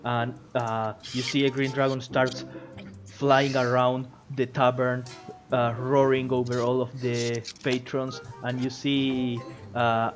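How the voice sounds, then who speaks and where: Brief: male game master, mid pitch, meandering narration, background music. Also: level tone, slow. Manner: rambling, many fillers and restarts, laughs often.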